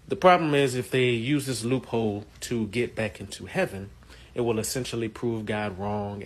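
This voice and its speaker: A man casually explaining a film scene and its premise in a relaxed way, with some fillers. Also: medium pitch. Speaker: movie commentator. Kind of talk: casual spoken film commentary.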